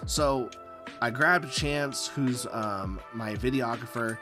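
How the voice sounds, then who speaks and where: A man's voice: medium pitch, normal speed, music in the background. Rambling, profane male live streamer. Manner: rambling and profane, with many fillers; animated storytelling, acting out his own quotes. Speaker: live-stream host and comic artist. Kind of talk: casual live-stream chat while drawing.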